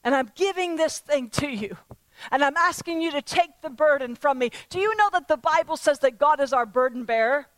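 A woman's voice: high voice, animated, fairly quick, no echo, poor audio. A woman preaching a sermon to a congregation, asking earnest repeated questions and often restarting her words. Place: church service before a congregation.

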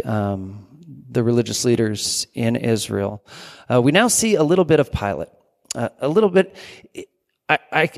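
A man's voice: medium pitch, darkish tone, big-room sound. A man preaching a sermon in a conversational way, reading scripture aloud and then reflecting on it. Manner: conversational, with fillers and restarts.

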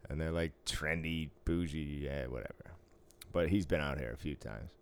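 Man, podcast co-host, deep voice, smooth tone, laid-back, swears, laughs a lot. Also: normal speed. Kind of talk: casual chat.

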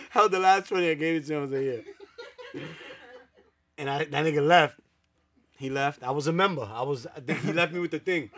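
A man's voice: a little high, lively intonation, normal speed, long pauses, a bit bright, no room sound. A man in casual podcast banter, joking and teasing, laughing often. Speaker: podcast co-host.

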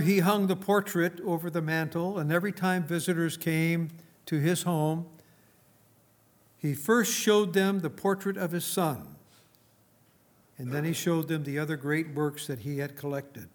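Man, preacher, sermon storyteller: slow and deliberate, lightly high-pitched. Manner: tells an illustration story, then drives the point home.

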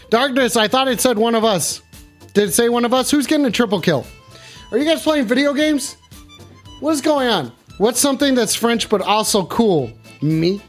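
A man hosting a live stream, rambling and joking with his chat with plenty of swearing. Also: high-pitched.

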